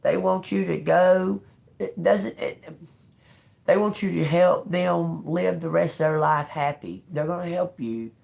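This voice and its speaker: Gravelly woman reading tarot. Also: fairly low pitch, measured pace, darkish tone. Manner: emotional, blunt, swears freely. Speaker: tarot reader. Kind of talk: live-streamed tarot reading.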